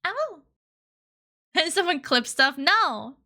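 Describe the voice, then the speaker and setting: Bright, high-pitched playful woman streamer. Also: lively intonation, measured pace. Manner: playful, giggly, reads chat aloud, cutesy baby talk. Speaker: VTuber streamer. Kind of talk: casual live-stream chat.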